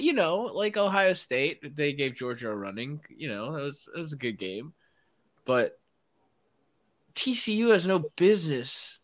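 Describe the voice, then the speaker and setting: Male podcast host, animated and bright, opinionated sports ranter. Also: a little high. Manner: opinionated, ranting, laughs often. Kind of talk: casual sports chat.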